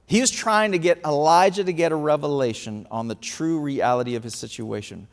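A man preaching a sermon, telling a story with lively acted-out quotes. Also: fairly high pitch, brisk, vocal fry. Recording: reverberant hall.

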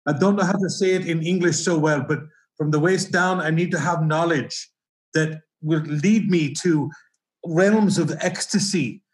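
A man's voice: a little high, very fast, few pauses, a bit bright, natural voice. A man voicing a bumbling seminar attendee with a put-on foreign accent, grandiose and pleading. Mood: beseeching. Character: bumbling man claiming to be from far away. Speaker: comedy podcast regular. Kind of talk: improvised comedy sketch.

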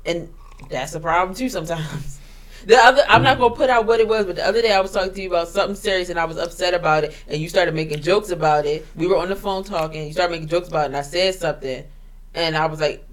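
Podcast co-host, woman, earnest, pushes back, lowish voice. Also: quick pace. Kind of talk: casual podcast conversation.

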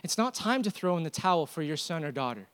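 A young man preaching a sermon, swinging between loud urgent exhortation and quiet storytelling. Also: a little high, very animated, fast talker, clear, resonant tone. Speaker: pastor.

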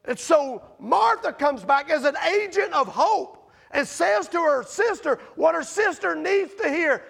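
A man delivers a sermon in an unusually high voice that leaps and falls all the way through. His tone carries a gravelly edge. He fires rhetorical questions at the congregation and swings between loud and quiet. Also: animated, measured pace, hardly any pauses. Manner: rises and drops sharply in loudness. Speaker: preacher.

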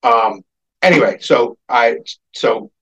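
Man, husky voice, rambling profane storyteller, dull lo-fi podcast sound. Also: medium pitch, takes it slowly. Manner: rambling, profane, animated when quoting people. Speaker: podcast co-host. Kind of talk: casual storytelling chat.

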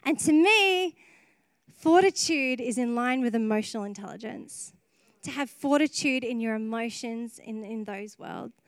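A woman's voice: fairly high pitch, expressive, measured pace, dry recording. A woman preacher giving an earnest, emotional sermon at a church service, often laughing between phrases.

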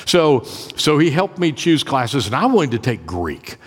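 A man's voice: sits low, expressive, measured pace, slightly rough. A man preaching as pastor, telling a personal story in a conversational way, often repeating and restarting words. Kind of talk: sermon storytelling. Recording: long reverb of a church.

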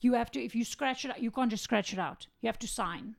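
A woman's voice: fairly high pitch, fast, vocal fry. A woman co-hosting a casual true-crime podcast, reading out case details and adding blunt asides. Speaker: podcast co-host.

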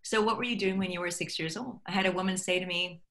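A middle-aged woman talks as a guest in a relaxed interview, her tone bright and forward though her pitch sits on the low side. She tells stories easily and slips into the voices of people she quotes. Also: fast. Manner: animated storyteller acting out quoted dialogue. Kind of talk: conversational interview.

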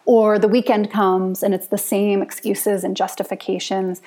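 Soft-spoken woman yoga teacher, chill reflective talk, laughs a lot, mid-range voice. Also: medium pitch, little pitch movement. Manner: gentle, unhurried, laughs often.

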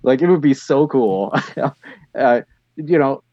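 A man co-hosting a podcast, talking casually about a TV episode in a relaxed, enthusiastic way. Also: medium pitch, takes it slowly, no room sound, dull audio. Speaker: podcast co-host. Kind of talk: casual chat reviewing an episode.

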